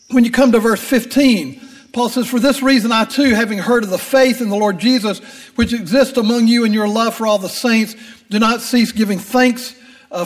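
A man's voice: high voice, long reverb tail. An older man with grandchildren, preaching a sermon in a folksy, conversational way with frequent fillers and restarts.

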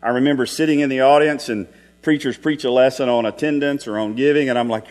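A man's voice: medium pitch, steady tone, quick pace, a little mellow. Man preaching a folksy sermon in an echoing hall. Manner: folksy storytelling with rhetorical questions. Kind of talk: Sunday evening sermon. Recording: long hall reverb with mains hum.

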